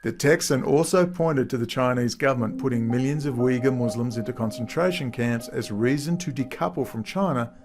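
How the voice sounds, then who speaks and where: Mocking male commentator over music. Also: mid-range voice. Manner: mocking, laughs at what he reads. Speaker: political commentator. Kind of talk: commentary reading news quotes.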